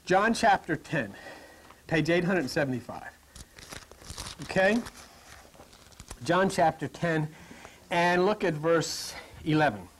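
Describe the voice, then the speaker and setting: A man preaching a lively sermon to a congregation, joking and dropping to a whisper to stress points. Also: a little high, slow, long pauses, a little hiss or hum. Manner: animated, jokey, drops to whispers for emphasis.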